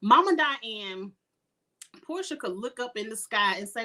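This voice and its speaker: A middle-aged woman, talking in a fairly high voice. She rants bluntly through a casual live recap with plenty of swearing and frequent throat clearing. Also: expressive, a little slow, bright, forceful tone. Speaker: reality TV recap host.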